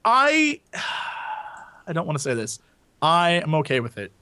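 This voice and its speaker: A man co-hosting a podcast in casual chat, excitable and self-mocking, laughing often. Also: fairly high pitch, takes it slowly, clean tone, no echo. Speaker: podcast co-host.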